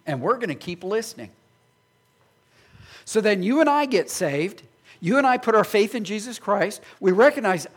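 Guy pastor giving a sermon, highish voice, super animated, does little voices. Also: moderate pace. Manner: animated, acts out imagined voices.

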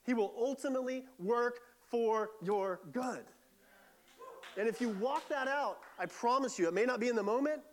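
High-voiced man preaching conversationally. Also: moderate pace, slight background noise. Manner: conversational, earnest, with many restarts and fillers. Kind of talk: sermon.

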